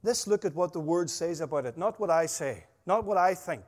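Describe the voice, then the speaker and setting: High-voiced preacher, hall reverb. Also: male voice, animated, a little fast, a little mellow. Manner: emphatic, storytelling, rising and dropping volume. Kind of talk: sermon.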